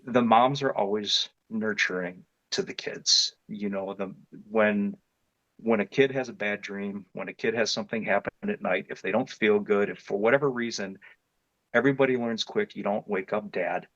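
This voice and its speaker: A man's voice: on the low side, moderate pace, no room sound. Rambling man with a dull, dry sound. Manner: rambling, with many restarts and fillers; grows more animated and louder as the story builds. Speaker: interview guest telling his experience. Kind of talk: casual storytelling.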